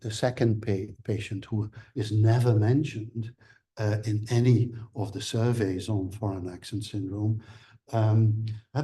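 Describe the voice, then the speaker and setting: A man giving an academic seminar lecture, explaining things in a measured way. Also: lowish voice, mellow, slightly rough.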